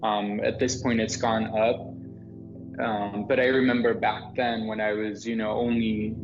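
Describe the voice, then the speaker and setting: A young man answering an interview in a measured, unhurried way. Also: on the low side, little pitch movement, over music. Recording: dull lo-fi recording.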